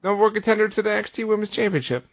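A man's voice: high voice, very fast. A man co-hosting a casual podcast, an eager fan who gets defensive. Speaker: podcast co-host. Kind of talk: casual wrestling chat.

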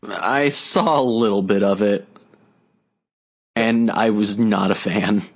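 A man's voice: on the low side, slow pace, husky. A man co-hosting a casual podcast, blunt and wisecracking, swearing freely. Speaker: podcast co-host. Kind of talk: casual chat.

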